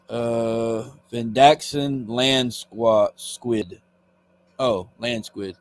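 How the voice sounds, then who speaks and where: A man reading comics aloud on a live stream, casual and halting, stumbling over words and stopping to comment. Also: medium pitch.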